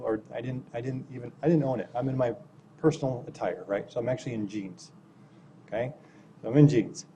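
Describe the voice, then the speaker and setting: A man from city human services talks through stories at a meeting with a mellow, relaxed tone. He is self-deprecating and keeps checking in with "right?". His pitch sits in an ordinary middle range. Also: fast talker, slight background noise. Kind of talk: anecdotal meeting remarks.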